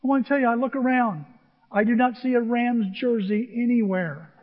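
A man in his sixties preaching a sermon, telling a personal story in an animated, emotional way. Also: very high voice, moderate pace. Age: 60s. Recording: echoey hall, dull lo-fi sound.

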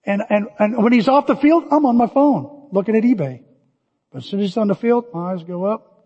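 An older man preaching in a high, husky voice. He tells stories with lively energy, and his words ring with long reverb through a hall, captured on dull, lo-fi audio. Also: moderate pace. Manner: animated storytelling, shouting cheers in quotes. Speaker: pastor. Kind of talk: sermon.

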